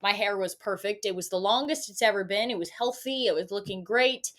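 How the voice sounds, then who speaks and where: A woman's voice: mid-range voice, a little fast, a bit bright. A young woman vlogger telling a storytime rant in a profane, sarcastic, self-mocking way.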